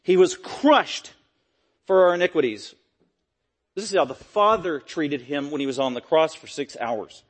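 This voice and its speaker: A man preaching an expository sermon, emphatic and repetitive, swinging from loud peaks to quiet low lines. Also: unhurried. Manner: repetitive, stressing key phrases.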